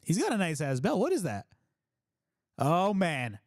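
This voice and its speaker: A man hosting a live wrestling reaction stream, talking casually, swearing freely and bursting into exclamations and shouts. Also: high-pitched, unhurried. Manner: excitable, blurts exclamations and shouts at big moments.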